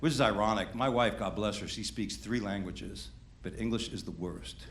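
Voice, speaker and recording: A man's voice: on the low side, normal speed. A middle-aged man from Queens doing brash, conversational stand-up on a comedy club stage into a handheld mic. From Queens, New York. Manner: brash, conversational, teasing the crowd. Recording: roomy club sound with ambient noise.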